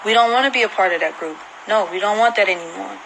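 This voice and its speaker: A woman's voice: mid-range voice, fast, creaky, fairly bright tone, a little hiss or hum, low-quality recording. A woman vlogger giving an emotional personal account to camera, earnest and repeating herself for emphasis. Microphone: phone screen recording.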